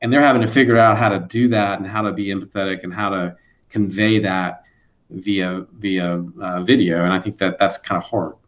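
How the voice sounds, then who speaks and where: Halting male host, lo-fi audio. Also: sits low, steady tone. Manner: halting, many restarts and fillers. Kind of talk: casual video interview.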